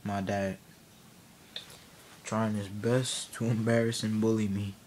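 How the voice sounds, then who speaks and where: A man's voice: fairly low pitch, little pitch movement, takes it slowly, darkish tone, slight background noise. A man telling a comic story, rambling and laughing, often cutting himself off mid-sentence. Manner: rambling, laughing, self-interrupting. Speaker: vlogger. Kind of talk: comedic storytelling.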